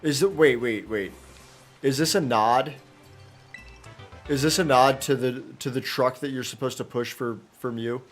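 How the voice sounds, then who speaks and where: A male streamer chatting loosely over his gameplay, mid-pitched and easygoing, trailing off and restarting his sentences. Quiet game music plays faintly underneath him. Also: unhurried, pauses often. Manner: rambling, chatty, with many fillers and restarts. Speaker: gaming streamer. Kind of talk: casual live gameplay commentary.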